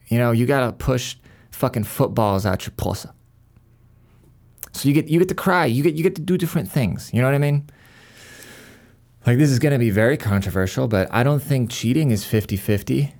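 A man's voice: mid-range voice, animated, fairly quick, long pauses, darkish tone. A male podcast host in a worked-up, profane monologue, stumbling over restarts as he rants.

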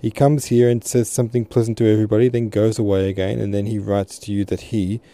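A man's voice: lowish voice, little pitch movement, fast talker, dark tone, no room sound, lightly acted. A man voicing a tearful young girl. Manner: sobbing, rising pleas.

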